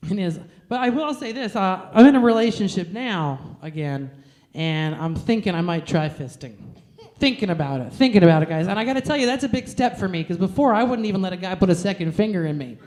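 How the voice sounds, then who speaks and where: A woman performs stand-up on stage with a brash, crude, self-mocking delivery. Her pitch sits in the middle range, neither high nor low. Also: lively intonation, fairly quick, darkish tone. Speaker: stand-up comedian. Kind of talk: stand-up comedy set.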